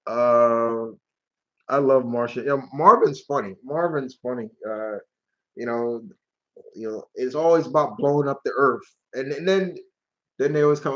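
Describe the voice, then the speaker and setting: A man's voice: mid-range voice, a little slow, highs cut off. Rambling, casual man hosting a live stream. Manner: rambling, casual, swears freely. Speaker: channel host.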